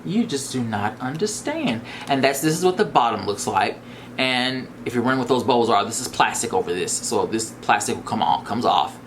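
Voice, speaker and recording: A man gushes through an unboxing vlog, his voice leaping up and down with every exclamation. He repeats himself in excitement, and a faint hiss sits under his voice. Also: medium pitch, normal speed. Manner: gushing, exclamatory, repeats phrases. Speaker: vlogger reviewing a bag.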